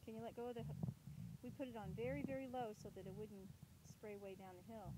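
Out in a backyard, a mother films her little one, her voice fairly high and quick as she coaxes, dotes, and laughs a lot. It's a playful home video chat, and there's heavy noise in the background.

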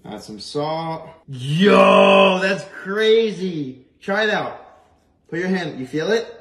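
Casting note: young male prankster, lively teasing delivery, echoey room with background noise. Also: high-pitched, takes it slowly. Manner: teasing, playful, bursts into yelps. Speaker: prankster creator. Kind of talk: prank video chat.

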